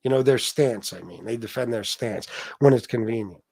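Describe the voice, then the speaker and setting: A man's voice: medium pitch, moderate pace, creaky, no room sound. A man hosting a casual livestream, reading viewer comments aloud and ranting bluntly with plenty of swearing. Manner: blunt, profane, animated rants. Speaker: livestream host.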